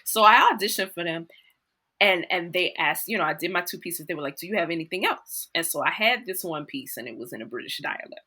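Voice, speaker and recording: A woman with a New Orleans accent tells stories in a casual interview. Her voice is bright and her pitch swings widely as she acts out what people said, and she laughs easily. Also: a little fast, husky. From New Orleans, USA. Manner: animated, laughs often, acts out quotes. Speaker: guest actor.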